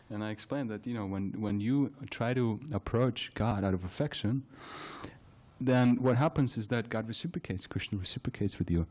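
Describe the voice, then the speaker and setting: A man giving a temple scripture class, telling a story in a halting way, repeating words and laughing often. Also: on the low side, a little mellow. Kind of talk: anecdotal temple class talk.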